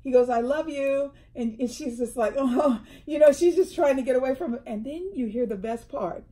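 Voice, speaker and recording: Animated woman telling stories, mellow voice. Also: sits high, a little fast. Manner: animated storyteller, acts out quotes. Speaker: co-host. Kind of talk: casual chat. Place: indoors, tea table chat.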